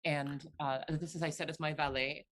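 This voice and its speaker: A tabletop player voicing a disguised noblewoman who speaks in a halting, overly formal way. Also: medium pitch, steady tone, a bit bright, close to an everyday voice. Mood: haughty. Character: pompous disguised noblewoman, lady visitor.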